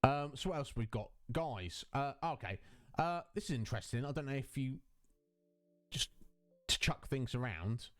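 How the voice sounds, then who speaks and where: A man in the middle of his vocal range, talking through a headset as he hosts a live stream from home. He chats loosely and rambles a little while answering his viewers' messages. Soft music plays faintly behind him. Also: mid-range voice, animated, normal speed. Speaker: Twitch streamer and host. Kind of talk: casual live-stream chat.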